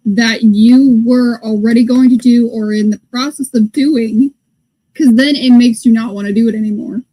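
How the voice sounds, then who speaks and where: A woman's voice: a little high, mellow, poor audio. A woman from the northern United States co-hosting a podcast, chatting casually and telling stories with quoted asides. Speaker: podcast co-host. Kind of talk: casual chat.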